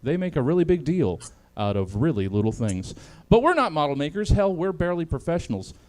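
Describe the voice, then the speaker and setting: A man hosting a comedy panel show over a video call, laughing often between lines. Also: fairly quick. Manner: laughs often, lively swings in pitch.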